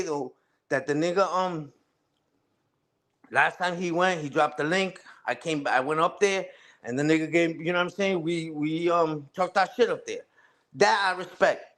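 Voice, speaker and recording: His voice sits high with a fairly bright tone as this young streamer rants on a casual livestream. Profane and repetitive, he goes after other streamers, regularly tagging his lines with "you heard?" and "respectfully." On his mother's side, his family is Puerto Rican.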